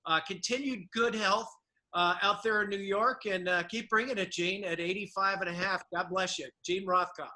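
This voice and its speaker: A man's voice: high-pitched, steady tone, normal speed, sharp tone. A man hosting a news interview, speaking in a friendly way as he wraps up the segment. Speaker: news anchor. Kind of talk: live TV interview.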